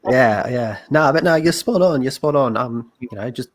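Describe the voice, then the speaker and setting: A man's voice: medium pitch, expressive, normal speed, dry recording. A man hosting a podcast, chatting in an easygoing, laughing way. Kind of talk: casual chat.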